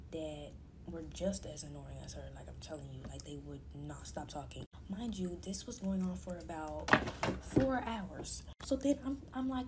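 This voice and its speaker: A woman tells a storytime at night in a hushed voice that sits a little low. She races through the drama, snapping into the other people's lines. Clear background noise sits under her voice. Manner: animated gossip, drops to whispers for quoted lines. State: talking low late at night. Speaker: storytime creator. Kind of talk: casual storytime.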